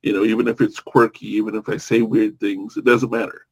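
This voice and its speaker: A man's voice: on the low side, level tone, brisk, a little mellow, poor audio. A man hosting a casual podcast, enthusiastic and rambling, with casual swearing. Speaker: podcast host.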